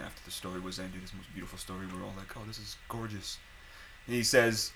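Bright-voiced young man telling a crude story. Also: fairly low pitch, fairly even intonation, moderate pace, slight background noise, rough recording. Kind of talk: casual chat.

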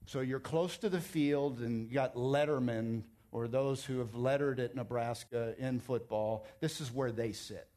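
A man preaching a sermon as pastor, emphatic and conversational, telling stories and joking with his congregation. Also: mid-range voice. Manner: animated storytelling, emphatic.

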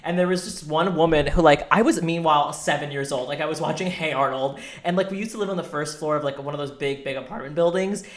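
A New Yorker in casual chat, lively, laughing often and swearing. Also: mid-range voice, fast, hardly any pauses. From New York City. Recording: echoey room.

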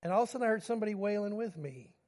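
Preacher in his fifties with a high, light voice, telling personal stories from the pulpit. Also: lively intonation, very fast, darkish tone. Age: 50s. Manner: storytelling, moving between humor and grief. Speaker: pastor.

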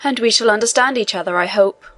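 A woman's voice: mid-range voice, fast, a bit bright, natural voice. A woman reading the lines of an elderly male prisoner priest who talks in an earnest, pressing way. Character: elderly male imprisoned priest, eager scholar.

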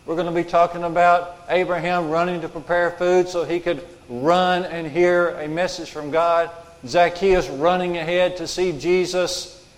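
A man preaching a sermon as pastor, emphatic and repeating his key lines for weight. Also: on the high side. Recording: long hall reverb.

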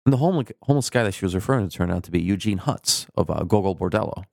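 Rambling lower-voiced man telling stories. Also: expressive, rapid-fire, vocal fry, a little mellow, no room sound, clean studio sound. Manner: rambling anecdotal storyteller, lots of fillers. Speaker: podcast guest. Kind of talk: casual podcast conversation.

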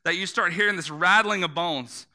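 A man's voice: high voice, normal speed, pushed and bright. A man preaching a sermon, telling the story in vivid images, repeating words for emphasis and asking the listeners to close their eyes and imagine.

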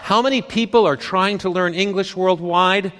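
A man giving a live conference talk on stage, speaking in short dramatic phrases with deliberate pauses. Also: sits high, steady tone, a bit bright, slight background noise. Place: stage in a large hall. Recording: long hall reverb from a live stage.

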